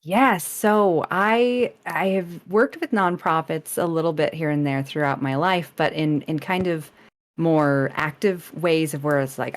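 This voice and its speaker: Low-voiced woman, chatty and laughing. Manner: rambling, laughing, quick restarts. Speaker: streamer guest. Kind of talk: casual podcast interview chat.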